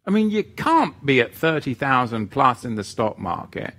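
A middle-aged Englishman whose accent has drifted toward American, a mid-Atlantic blend, hosts a live stream in a medium-pitched, slightly bright voice with wide pitch swings. At a moderate pace he reads viewer comments aloud and answers them in a loose, rambling, casual way.

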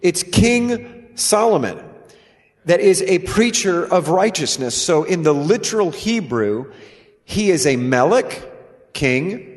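A man's voice: high-pitched, big pitch swings, slow. A man co-hosting a scripture discussion, explaining emphatically and restarting his phrases. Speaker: co-host. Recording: long hall reverb.

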